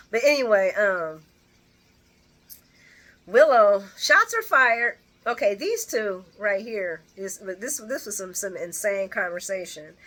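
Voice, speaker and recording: A woman recapping a soap opera in a casual, animated way, blunt and profane, and acting out the scenes as she goes. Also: medium pitch.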